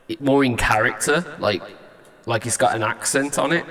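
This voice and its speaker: A man's voice: medium pitch, moderate pace, fairly bright tone, big-room sound. A male singer-songwriter chatting casually as he reacts to a song and tests vocal ideas at a studio mic. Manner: thinks aloud, trying out vocal ideas.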